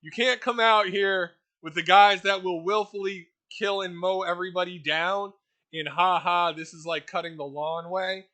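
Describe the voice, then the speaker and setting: A man's voice: sits high, steady tone, normal speed, sharp tone, voice pushed up. A man voicing a stern male commander who scornfully scolds recruits. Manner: scornful, emphatic.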